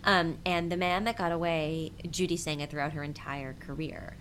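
A woman impressionist with a husky voice, chatting animatedly as an interview guest and laughing often. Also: sits low, fairly even intonation, moderate pace, background noise. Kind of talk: casual interview chat.

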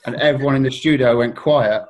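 A man's voice: medium pitch, fairly quick, a little mellow, lo-fi sound. A man from Surrey, a guest on a casual podcast, telling stories and acting out other people's voices. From Surrey, England.

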